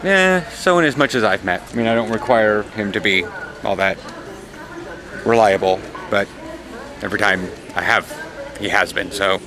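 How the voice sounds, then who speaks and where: A man chatting casually in a vlog, rambling from topic to topic while he shops and then heads home. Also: medium pitch. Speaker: vlogger. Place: shops, butcher and car, in and out. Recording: noisy handheld camera audio.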